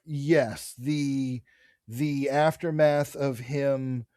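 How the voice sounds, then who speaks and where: A man co-hosting a podcast, retelling a comic book's plot in animated bursts and swearing freely. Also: mid-range voice, very slow, no room sound, clean studio sound. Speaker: podcast co-host. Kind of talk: casual comic book discussion.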